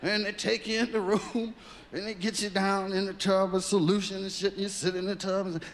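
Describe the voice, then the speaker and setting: A man in his thirties doing stand-up comedy, telling a story in a profane, animated way and acting out voices. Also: high voice, a little fast. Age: 30s. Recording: live reverberant hall with background noise.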